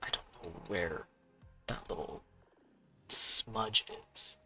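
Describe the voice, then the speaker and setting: A man talks loosely to his viewers while he draws, slipping into half-whispered mutters to himself. His voice sits fairly low but sounds bright and forceful. The sound is dull and lo-fi, with faint music playing behind him. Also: takes it slowly. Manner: chatty and self-mocking, muttering and whispering to himself as he works. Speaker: artist and author streaming his drawing. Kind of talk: casual live-stream chat while drawing.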